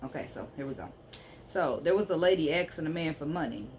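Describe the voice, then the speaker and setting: A woman's voice: deep voice, expressive, a little fast, a little mellow, a little hiss or hum. A woman giving a casual tarot reading to camera, emphatic and blunt, and she keeps checking in with "okay?". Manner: blunt, sassy straight talk. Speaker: spiritual card reader.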